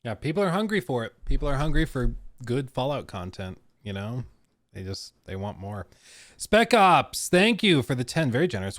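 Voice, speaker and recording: A man's voice: medium pitch, sing-song, normal speed, fairly bright tone, no echo. A man streaming live, telling a rambling story in casual chat and laughing often. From Colorado, USA. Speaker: streamer reacting to an interview.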